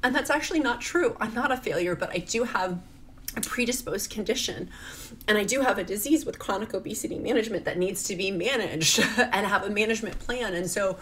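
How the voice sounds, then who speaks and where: Tearful and confessional, a middle-aged vlogger from rural Virginia rambles through an emotional personal video, full of "like"s. Her voice is medium-pitched, brisk and fairly bright, with slight background noise.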